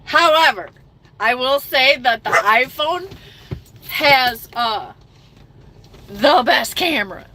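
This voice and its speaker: A woman's voice: high-pitched, expressive, takes it slowly, long pauses, pushed and bright, a little hiss or hum, low-quality recording. A middle-aged woman chatting emphatically on a livestream, reading viewer comments aloud, emotional after crying. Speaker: trucking livestreamer reading chat. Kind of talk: casual livestream chat.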